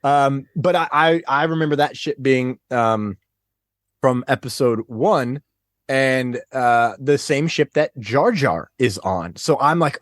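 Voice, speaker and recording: A man guest on a podcast, chatting casually and retelling scenes in an excitable, animated way. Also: mid-range voice, takes it slowly, no room sound, studio quality. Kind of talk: casual chat.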